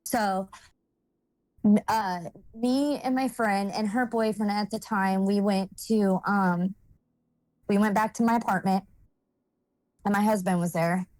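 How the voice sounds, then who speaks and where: A woman's voice: medium pitch, steady tone, a little slow, pauses often, darkish tone, dry recording. A woman speaking as a guest and telling a personal story in a blunt, rambling way, with lots of fillers and swearing.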